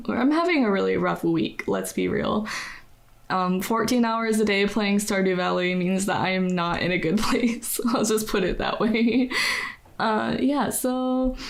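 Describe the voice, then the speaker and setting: A woman's voice: mid-range voice, creaky. A young American woman giving casual voice-over commentary on a building video, chatty and rambling, full of "like" and self-deprecating laughs. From United States. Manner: chatty, rambling, says "like" constantly, laughs at herself. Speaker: game builder narrating a speedbuild.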